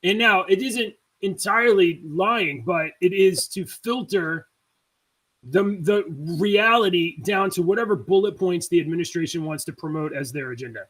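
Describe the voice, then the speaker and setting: A man's voice: sits high, normal speed, fairly bright tone, poor audio. A man co-hosting a casual podcast, explaining things and laughing easily. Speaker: podcast co-host.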